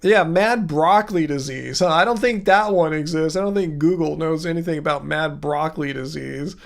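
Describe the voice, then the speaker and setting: A man's voice: fairly high pitch, moderate pace, creaky. A man hosting a casual livestream, reading viewer comments aloud and answering them in a rambling way, with many restarts and fillers. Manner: chatty, reads viewer comments aloud and replies. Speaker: livestream host answering chat.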